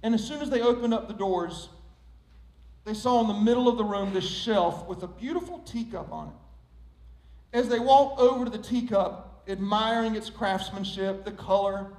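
Casting: male pastor, very high voice, lively delivery, roomy church echo. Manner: fast, animated storyteller, dropping to soft prayer. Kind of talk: sermon.

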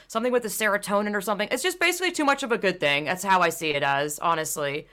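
Young woman, bright tone, blunt profane ranter in casual podcast chat. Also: medium pitch, racing. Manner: blunt, profane, animated ranting.

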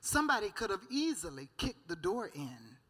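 A woman's voice: medium pitch, big pitch swings, moderate pace, a bit bright, husky. A woman giving a preached church testimony, fervent and storytelling, breaking in with amen and hallelujah and often laughing.

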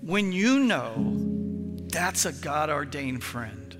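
A male pastor preaching a sermon in an animated storytelling manner, acting out phone calls with friends. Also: a little high, slow, long reverb tail, loud music behind the voice.

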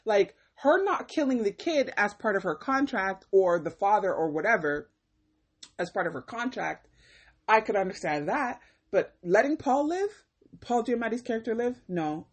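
A woman talks through a casual film review as a rant, exasperated and emphatic. Her husky voice leaps up and drops low as she fires off rhetorical questions. The delivery stays loose and conversational, heavy with disbelief.

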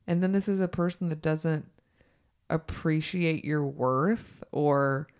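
Woman co-host, casual chat, frank and chatty, swears freely, lower pitch. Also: slow, darkish tone.

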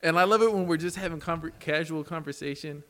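A man co-hosting a casual podcast chat, telling stories with excited bursts and laughter. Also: a little high, fast.

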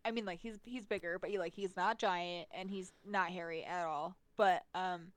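On a casual movie podcast, a woman co-host often hesitates and stumbles over names while laughing. Her voice is on the low side with a steady tone and normal speed, in a dry recording.

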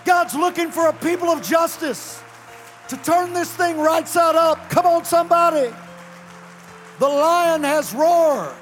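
A male pastor preaching a fiery sermon to a congregation, sometimes shouting and chanting his lines. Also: very high-pitched, unhurried, big-room sound, soft background music. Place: church sanctuary.

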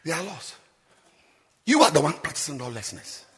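A man preaching a sermon in a large cathedral, firing off repeated rhetorical questions and breaking into shouts. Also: fairly high pitch, sing-song, normal speed. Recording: long cathedral reverb.

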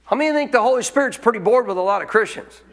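Guy preaching, talks to the crowd like a chat, high voice, big hall echo. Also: expressive, rapid-fire, fairly bright tone. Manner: conversational, asks the congregation questions. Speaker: pastor. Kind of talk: sermon.

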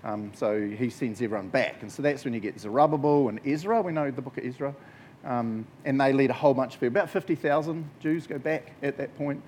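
A man's voice: medium pitch, brisk, slight background noise. A man giving a casual, jokey Bible talk to a group as a youth preacher. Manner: jokey, conversational, animated storytelling.

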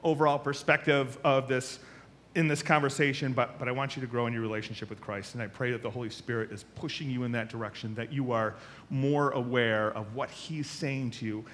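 A man preaching a sermon as a pastor, telling stories with lively acted-out voices. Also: mid-range voice, brisk, a little hiss or hum. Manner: animated storytelling, acts out voices.

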